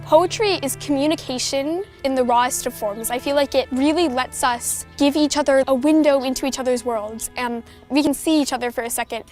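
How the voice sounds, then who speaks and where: Teen girl poet, high voice, soft earnest delivery, music bed underneath. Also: fairly quick, hardly any pauses. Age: teens. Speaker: youth poet. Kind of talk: spoken word poetry and reflective interview.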